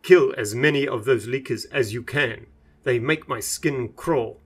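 A man's voice: medium pitch, measured pace, breathy edge. A man voicing an injured young male monk in a storybook reading, speaking formally and earnestly. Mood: apologetic.

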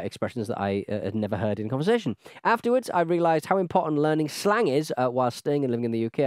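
A man's voice: medium pitch, a little mellow, clear, resonant tone, no echo, studio quality. A man from England co-hosting a podcast in casual chat, full of ums and restarts, often giggling. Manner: hesitant, filler-heavy, giggly. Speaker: podcast co-host.

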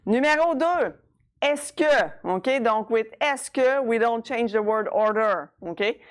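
A woman teaching French grammar in English, patiently checking understanding and sounding out French words slowly. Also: on the high side, animated. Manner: switches between French and English, says words slowly to model them. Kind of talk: explaining a language lesson.

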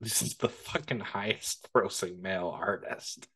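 Man, low deep voice, relaxed profane movie podcast talk. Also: measured pace, husky. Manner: laid-back, profane, laughs easily. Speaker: podcast co-host. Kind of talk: casual movie review chat.

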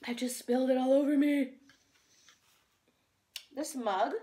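A woman's voice: high-pitched, steady tone, a little slow, long pauses, dark tone. A young woman vlogging into her phone, chatting in a bubbly, rambling way and talking with her mouth full while she eats. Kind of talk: casual chat while eating.

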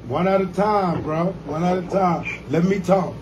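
A man's voice: high voice, moderate pace, background noise. A man ribbing a friend on a phone call in a teasing, mock-threatening way. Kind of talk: comedic phone banter.

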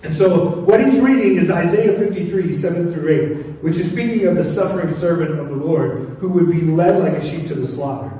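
High-voiced pastor preaching in an echoey hall. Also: male voice, moderate pace, few pauses. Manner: storytelling, animated and joking. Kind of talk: sermon. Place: church sanctuary. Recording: echoey church hall from far off.

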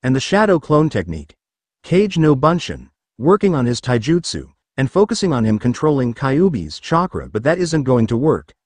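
Man reading as an older ninja sage mentor, stern but teasing, lively pitch, dry sound. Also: moderate pace, no room sound. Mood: lecturing. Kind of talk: fan fiction read aloud.

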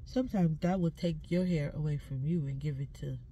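A woman's voice: low-pitched, fairly quick, dark tone, slight background noise. A woman ranting to camera from inside a car, emphatic and full of curse words, preaching between complaints. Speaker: social media creator.

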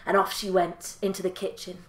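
A woman storyteller telling a folk tale in a lilting, expressive way. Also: mid-range voice, normal speed, reverberant.

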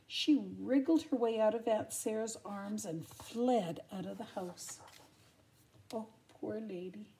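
An older woman reads a children's storybook aloud at an unhurried pace, her voice soft and mellow. She reads expressively and drops in gentle asides to her young listeners. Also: mid-range voice. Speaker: grandmother reading aloud.

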